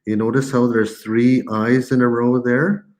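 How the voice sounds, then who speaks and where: A man teaching a live language lesson, patiently repeating words slowly for learners, with playful teasing asides. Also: mid-range voice, little pitch movement, a little mellow. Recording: echoey room.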